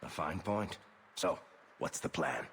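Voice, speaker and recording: A man's voice: extremely low pitch, expressive, takes it slowly, gravelly, fairly bright tone, a little hiss or hum, full character voice. An actor playing a wry male dwarf storyteller in a fantasy game, dry and offhand.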